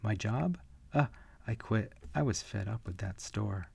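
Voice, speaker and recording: A man voicing a young slacker who talks in a loose, slangy way, pitched well above his own voice. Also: expressive, a little slow, creaky, darkish tone, a little hiss or hum, heavily acted. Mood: laid-back. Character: young slacker man, laid-back but quick to get rattled.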